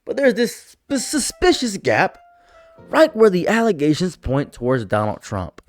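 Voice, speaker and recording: A man's voice: wildly swooping pitch, a little slow, faint music behind. A man delivering a sarcastic, exasperated political commentary rant, jumping his voice up for mocking asides. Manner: sarcastic, exasperated, swings pitch for mock voices. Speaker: commentary streamer.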